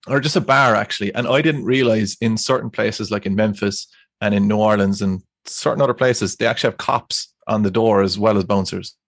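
A man's voice: lowish voice, brisk, no echo, clean studio sound. A young Irish man rambling through a story in casual chat, laughing as he goes. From Ireland. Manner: rambling, animated, laughs through his stories. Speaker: guest.

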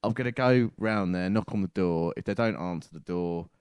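A man's voice: deep voice, moderate pace, a little mellow, clear, resonant tone, no room sound. A man, co-hosting a podcast in casual chat, ranting with swearing and self-corrections. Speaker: podcast co-host.

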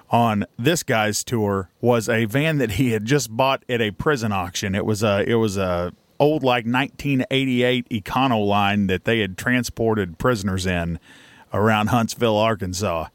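A man's voice: mid-range voice, clear, resonant tone, no room sound. A man, co-hosting a podcast and telling a rambling road story in a folksy, casual way. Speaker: podcast co-host.

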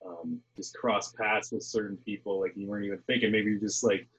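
A man hosting a casual interview chat, relaxed and agreeable. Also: on the low side, brisk, husky, muffled recording.

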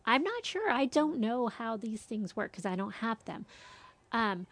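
A woman's voice: fairly high pitch, a little slow, no room sound. A middle-aged woman, a mother, telling a story in casual chat and acting out what others said. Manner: animated storytelling, quoting others.

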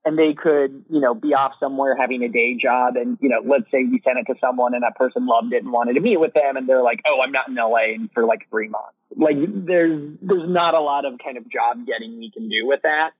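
A literary manager answering podcast interview questions in a casual way, full of "you know" and "like". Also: male voice, mid-range voice, fairly even intonation, fairly quick, few pauses, husky, no echo. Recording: dry, thin phone-line sound.

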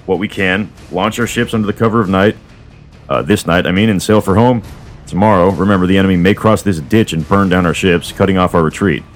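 A man's voice: low voice, lightly acted. A man reading a grave, humbled commander. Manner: formal, grave. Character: humbled army commander addressing his council.

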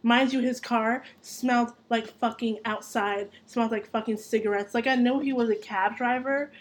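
A young woman telling a story in loose, casual chat, with a fairly high voice. She swears freely, gets animated and laughs easily as she tells it. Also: normal speed. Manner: animated, profane, laughs through her story.

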